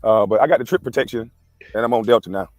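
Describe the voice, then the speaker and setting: A man's voice: mid-range voice, a little mellow, no room sound, soft background music. A man chatting casually on a livestream through a headset outdoors, rambling and cursing. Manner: rambling, cursing, quick talk. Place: outdoors in the wind.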